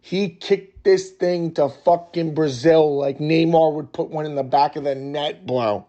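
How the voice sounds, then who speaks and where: A man's voice: fairly high pitch, a little slow, muffled recording. Heated, foul-mouthed sports podcast man. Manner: profane, heated and excitable, swears constantly. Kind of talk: casual sports podcast storytelling.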